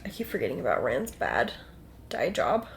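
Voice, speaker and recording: A woman co-hosting a casual book podcast, chiming in with wry, quick quips. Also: very deep voice, wildly swooping pitch, vocal fry, a little hiss or hum. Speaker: podcast co-host.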